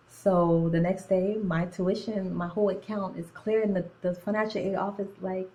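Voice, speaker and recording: A young woman in nursing school telling a story in a casual, animated, slangy way, drifting in and out of an accent. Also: lowish voice, moderate pace, low-quality recording. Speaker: nursing student. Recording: phone-recorded video.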